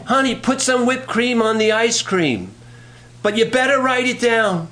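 A man's voice: high voice, sing-song, normal speed, fairly bright tone, voice pushed up, heavily acted. A man voicing an elderly forgetful wife who keeps nagging her husband, in a raised, insistent voice during a sermon joke.

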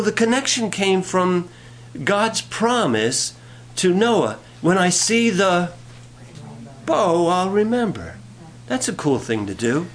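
Male pastor, animated pitch, folksy joking sermon delivery. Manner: folksy storytelling with jokes and scripture reading.

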